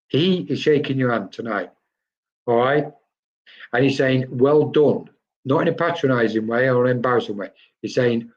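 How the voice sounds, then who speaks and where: Male medium for a live stream reading, chatty, mid pitch, dull lo-fi sound. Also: darkish tone. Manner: chatty, addresses viewers by name, quotes spirits.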